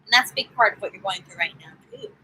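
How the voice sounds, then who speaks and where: Chatty woman doing a live tarot stream, bright and sharp, swoops up and down a lot. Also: mid-range voice, big pitch swings, fast, slightly rough, poor audio. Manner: chatty, upbeat, talks straight to viewers. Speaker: tarot reader.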